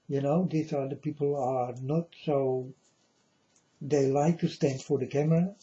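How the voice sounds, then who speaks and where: A man speaks to his viewers in a warm, mellow voice. He moves very slowly and deliberately through an earnest, rambling monologue, calling his audience folks. The recording sounds dull and lo-fi. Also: a little high.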